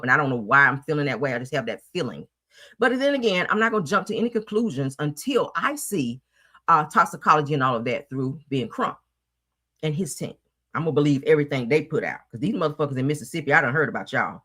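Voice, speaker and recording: A woman hosting a commentary show, ranting emphatically and swearing freely in casual talk. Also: sits low. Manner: animated, profane, emphatic ranting.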